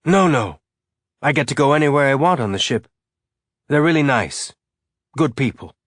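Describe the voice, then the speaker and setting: A man's voice: medium pitch, lively intonation, moderate pace, dry recording, clean studio sound, pitched above the performer's own voice, lightly acted. A man voicing a grieving father who holds back tears, forcing a light, cheerful tone through a thick throat. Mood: choked, tender. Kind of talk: audiobook character voice.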